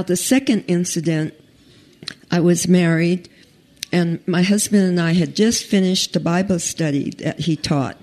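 A woman telling a personal story in an unhurried, conversational way, pausing and restarting as she goes. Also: lowish voice, a little mellow.

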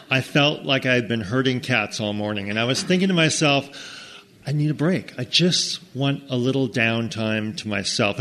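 A man's voice: medium pitch, vocal fry. A middle-aged man telling a funny personal story, chatty, with frequent asides to check in with listeners. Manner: conversational, frequent "okay?" asides, lively quoted voices.

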